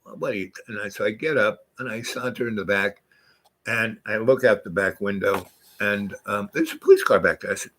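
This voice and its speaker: An older man with a fairly low, voice spins a long tale in a loose, rambling way. He jumps between thoughts and now and then slips into the voices of the people in his story. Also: normal speed, a little hiss or hum. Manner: rambling, animated, acts out voices in quotes. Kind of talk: casual spoken storytelling.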